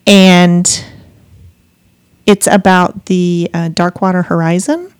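A woman's voice: on the low side, level tone, takes it slowly, smooth, dry recording. A woman co-hosting a podcast in casual chat, rambling and searching for her words as she recommends books. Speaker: podcast co-host.

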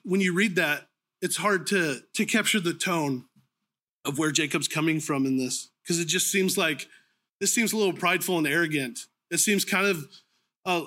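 Man, sermon, bright tone, slightly high voice, casual and halting delivery, clears throat often. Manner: informal, conversational preaching with frequent ums and restarts; clears his throat now and then. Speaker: preacher.

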